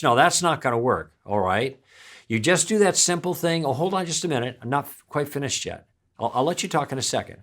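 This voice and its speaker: Calm man teaching a practical lesson. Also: medium pitch. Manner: calm, friendly, acts out sample lines. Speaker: instructor. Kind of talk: instructional talk.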